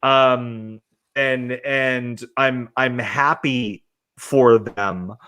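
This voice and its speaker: A man hosting a casual podcast chat, ranting in an animated, profane way with lots of fillers. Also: mid-range voice, extremely slow, smooth. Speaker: podcast host.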